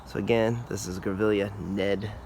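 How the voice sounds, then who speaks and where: A man hosting a casual outdoor garden tour, explaining plants in a relaxed, informal way. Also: fairly low pitch, moderate pace, noisy background. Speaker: garden channel host.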